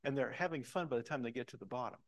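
Speaking very fast at a medium pitch, a middle-aged pastor animatedly tells a story in his sermon, going soft to emphasize key points.

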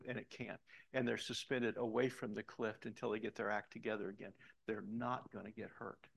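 Telling a lively story from the pulpit, this middle-aged pastor drops to a soft register whenever he stresses an important point. He speaks at a medium pitch, with some vocal fry.

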